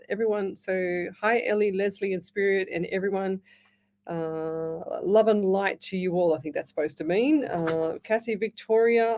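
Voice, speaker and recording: A woman's voice: mid-range voice, a little mellow. A woman hosting a live radio show, giving psychic readings in a reassuring, repetitive way with many restarts. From Australia. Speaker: psychic medium radio host.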